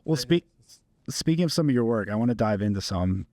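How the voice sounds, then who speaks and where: A man's voice: mid-range voice, lively intonation, brisk, darkish tone, dry recording, studio quality. A man hosting a podcast, chatting in a friendly, reflective way with loose phrasing. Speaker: podcast host. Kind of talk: casual podcast chat.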